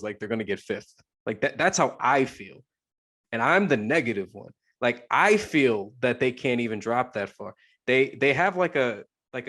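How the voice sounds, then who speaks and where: A man's voice: medium pitch, fairly bright tone. A man co-hosting a sports podcast, talking casually and rambling with many restarts. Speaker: podcast co-host.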